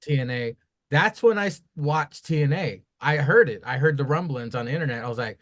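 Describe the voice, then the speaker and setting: A man co-hosting a casual wrestling review podcast, talking in a profane, animated, rambling way. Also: medium pitch, a little fast. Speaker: podcast co-host.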